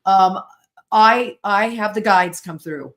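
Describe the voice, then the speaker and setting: An American woman in her sixties, a podcast guest who tells stories in an animated way and acts out the voices and sounds in them. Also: medium pitch, slow pace. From United States. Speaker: guest, spirit-board author and therapist. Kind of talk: storytelling in a podcast interview.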